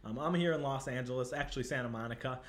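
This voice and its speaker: A man's voice: mid-range voice, fast talker. A man hosting a casual livestream, chatty and upbeat, talking to viewers over a webcam. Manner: upbeat, chatty, many fillers. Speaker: livestream host. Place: Santa Monica, Los Angeles.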